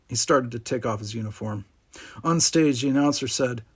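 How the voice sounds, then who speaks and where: A man narrating a storybook aloud, animated, giving each character its own voice. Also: mid-range voice, normal speed, husky.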